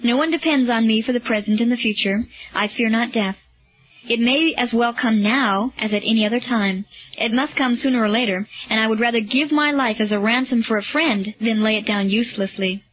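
A solemn, imploring man offering his life for a friend, as a woman reader puts him on. The voice sits fairly high, and the audiobook recording sounds dull and lo-fi. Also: brisk, dry recording, close to an everyday voice. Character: earnest self-sacrificing grown man pleading.

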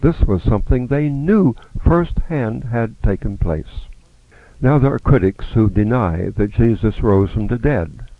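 A man's voice: medium pitch, dry recording. A man teaching a Bible study lesson, reading scripture aloud and acting out the speakers' lines. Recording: dry, narrow phone-like sound.

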